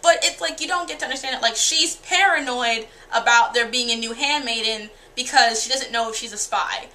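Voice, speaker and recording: A woman's voice: a little high, brisk, pushed and bright. A woman giving a casual, candid and profane spoken review of TV episodes, often acting out the characters' lines. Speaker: TV show reviewer.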